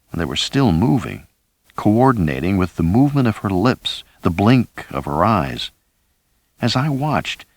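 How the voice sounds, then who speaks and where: A man reading a first-person thriller audiobook in a measured, dramatic way. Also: fairly low pitch, dry recording. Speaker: audiobook narrator.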